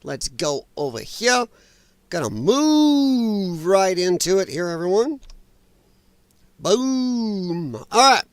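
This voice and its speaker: Man, high voice, slow unhurried delivery, sarcastic livestream host, slightly strained voice, dry sound. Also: very animated, no room sound. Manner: sarcastic, chatty, laughs often. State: voice a little strained. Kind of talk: casual political commentary livestream. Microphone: own microphone.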